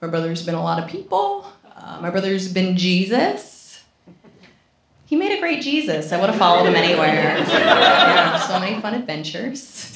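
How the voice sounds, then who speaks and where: A woman's voice: lowish voice, normal speed. Sarcastic woman comic on an echoey stage. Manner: animated, sarcastic storytelling with sudden loud outbursts. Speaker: stand-up comedian. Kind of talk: stand-up comedy set. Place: comedy stage with a live audience. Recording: echoey live room with loud noise.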